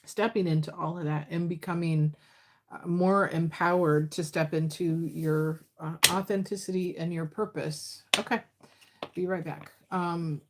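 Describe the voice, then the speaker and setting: A woman's voice: fairly low pitch, fairly even intonation, a little slow, darkish tone, slight background noise. Tired-voiced woman reading tarot on a livestream. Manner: chatty, laughing, talks to chat. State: tired voice after hours of streaming. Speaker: tarot reader.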